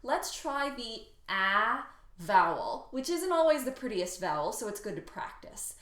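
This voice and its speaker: A woman teaching a singing warm-up lesson, patient and encouraging, demonstrating vowels by singing them. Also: on the high side, sing-song, a little slow. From Ohio, United States. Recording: roomy sound with loud piano accompaniment.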